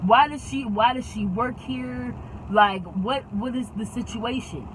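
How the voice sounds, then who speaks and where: A woman telling a storytime in a dramatic, slangy, profane way, firing off loud demands. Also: fairly high pitch, a little hiss or hum, rough recording. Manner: dramatic, loud outbursts, rapid-fire demands. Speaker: storytime vlogger. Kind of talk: animated storytime chat.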